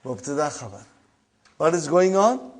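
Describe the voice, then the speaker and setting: A man with a fairly high voice, teaching Arabic grammar to an online class. He says each phrase slowly, then explains it in quick English and asks his brothers and sisters if they follow. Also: big pitch swings. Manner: addresses students as brothers and sisters, checks understanding with "huh?".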